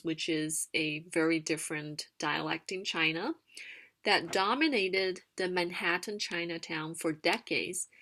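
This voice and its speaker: A woman teaching a casual explanatory lesson, unhurried, with fillers and sung-out demonstrations of tones. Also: on the low side, fairly bright tone. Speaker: language teacher. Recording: screen-recorded narration.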